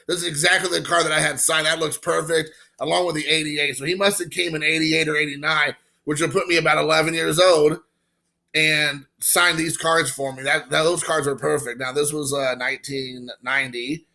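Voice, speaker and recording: Casual card vlogger, man in his forties from Indiana; gravelly, bright, gushing and rambling. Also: on the high side, fairly quick. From Indiana, USA. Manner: excited, emotional, rambling with fillers. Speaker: baseball card collector vlogger. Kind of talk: casual card-opening vlog.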